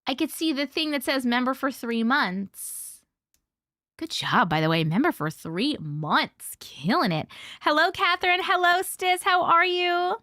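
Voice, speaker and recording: With a high voice, a sharp tone, and a measured pace, a woman hosts a casual livestream in studio-quality audio without echo. She reads viewer comments and greets people by name in a bubbly manner.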